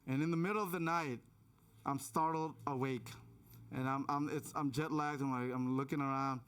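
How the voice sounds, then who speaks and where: A man in his thirties preaching a sermon in a church, telling a personal story with frequent restarts and hushed moments for suspense. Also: mid-range voice, fairly even intonation, moderate pace, smooth. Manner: many restarts and repeated words. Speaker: pastor. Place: church auditorium.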